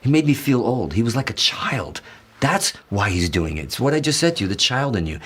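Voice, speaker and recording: Excitable, swearing storyteller man from the Azores. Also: mid-range voice, a little fast, husky. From Azores, Portugal. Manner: excited, rambling, swears often, acts out quotes. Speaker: guitarist guest. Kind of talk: animated storytelling in an interview.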